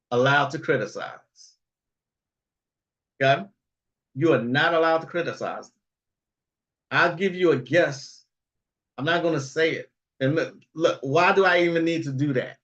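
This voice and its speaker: A man's voice: on the high side, lively intonation, measured pace, pauses often, a bit bright, dull audio. A man hosting a livestream in casual, rambling talk, chuckling often and tagging lines with "okay?" and "all right?". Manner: rambling, frequent chuckles, tag questions. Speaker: livestream host.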